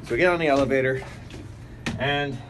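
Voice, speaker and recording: A man's voice: mid-range voice, brisk, background noise. A man vlogging a casual first-person story at home, rambling and plain-spoken with many fillers. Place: his apartment and building, walking around.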